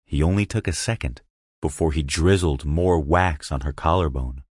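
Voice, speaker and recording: Super deep husky guy reading an erotic audio story, slow and hushed, dry close mic. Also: no echo. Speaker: narrator.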